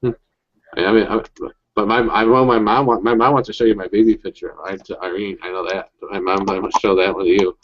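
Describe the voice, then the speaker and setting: A man's voice: fairly low pitch, steady tone, brisk, dull audio. A young man chatting casually, rambling through stories with lots of swearing and restarts. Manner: rambling, profane storytelling with many restarts. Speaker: chat participant telling stories. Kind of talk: casual group chat.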